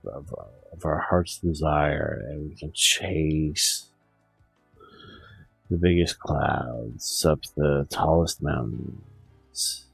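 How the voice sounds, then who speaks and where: A man's voice: extremely low pitch, fairly even intonation, drawn-out words, creaky, slightly rough, faint music behind, rough recording. A man streaming a profane, meandering rant full of restarts. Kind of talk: rambling monologue.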